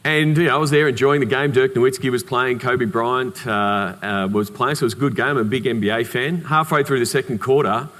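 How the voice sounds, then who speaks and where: Australian man, keynote speaker, middle-pitched voice, lively storytelling, joking asides, long hall reverb. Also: fairly quick, hardly any pauses. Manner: lively anecdotal delivery with humorous asides. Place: conference hall.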